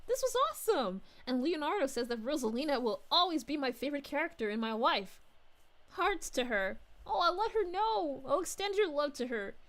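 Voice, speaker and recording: A sweet, bubbly young princess, played by a woman, gushes over her fans in a high, bright voice that swoops up and down. She keeps sighing "aw" and giggling as she reads chat on a live stream, effusive and warm in character. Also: very animated, moderate pace, full character voice. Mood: cheerful. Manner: gushing, effusive, frequent giggles and "aw"s. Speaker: VTuber streamer.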